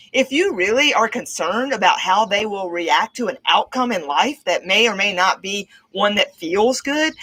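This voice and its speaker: A middle-aged woman hosting a casual motivational talk, her voice fairly high and bright. She swings her pitch widely and acts out the voices of worried parents as she goes. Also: poor audio. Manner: expressive, acts out quoted parents. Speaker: host.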